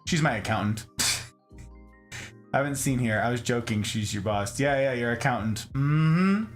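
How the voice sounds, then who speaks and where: A man's voice: medium pitch, lively intonation, measured pace. A young man hosting a casual livestream, joking with chat and greeting viewers by name while doing chores. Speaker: livestream host. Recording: echoey room with music underneath.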